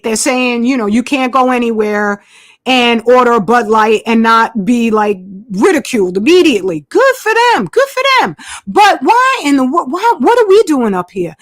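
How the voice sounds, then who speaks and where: A woman's voice: high-pitched, no echo, clean studio sound. A woman talking straight to her viewers in a casual monologue, emphatic and repeating her points, muttering asides as she searches for clips. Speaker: channel host.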